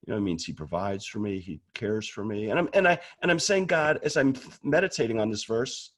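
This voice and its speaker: A man's voice: medium pitch, animated, brisk, few pauses, a bit bright. A man talking casually and candidly about prayer, often restarting words as he goes. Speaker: guest speaker on prayer. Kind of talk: casual conversational talk.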